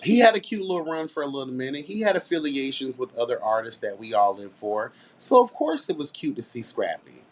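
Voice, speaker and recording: Brief: male commentary host, sassy, blunt, emphatic, mid-pitched voice. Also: big pitch swings, a little fast, few pauses. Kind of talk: casual commentary rant.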